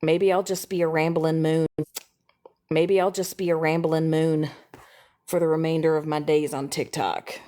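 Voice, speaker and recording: A woman chatting casually on a livestream, repeating herself and sliding from soft mutters into sudden high squeals. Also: level tone, normal speed. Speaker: TikTok live streamer. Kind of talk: casual rambling chat.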